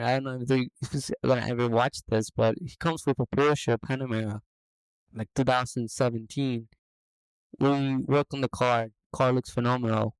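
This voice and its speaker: A man who owns a business, telling a story in a lively, casual way on a podcast. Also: mid-range voice, smooth, dry recording, rough recording. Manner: animated anecdote telling. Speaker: business owner.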